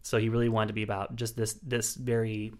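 A man's voice: lowish voice, little pitch movement, brisk. A man co-hosting a casual film review podcast, chatty and thinking aloud with lots of fillers and restarts.

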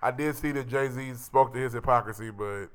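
A man's voice: mid-range voice, normal speed, crowd noise. A man co-hosting a casual podcast, talking emphatically and cursing freely. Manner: profane, emphatic. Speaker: podcast co-host. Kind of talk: casual chat.

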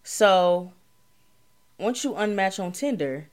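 A woman's voice: medium pitch, expressive, takes it slowly. A young woman, hosting a podcast and telling a rambling story in casual chat. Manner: laid-back, rambling, bursts into loud laughter. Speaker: podcast host.

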